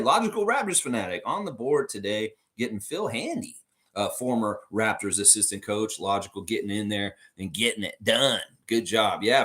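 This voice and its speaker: A middle-aged American man with a medium-pitched voice hosts a trivia livestream. He's animated, laughs often, and reads chat comments aloud as he keeps the trivia talk casual.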